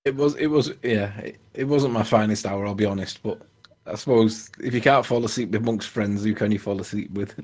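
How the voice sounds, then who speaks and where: Brief: man, low husky voice, rambly casual panelist, lots of ums. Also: a little fast, darkish tone. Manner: rambling, hesitant, many ums and restarts. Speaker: panelist on a live debate stream. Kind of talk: casual online chat.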